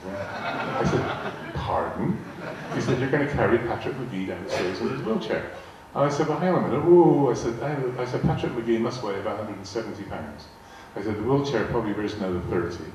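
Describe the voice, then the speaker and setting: A man's voice: lowish voice, expressive, fairly quick, few pauses. An older man telling rambling anecdotes to a live audience, often repeating words and acting out quoted dialogue. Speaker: guest speaker telling anecdotes. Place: large arts hall. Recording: echoey hall, distant mic, faint noise. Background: audience laughter.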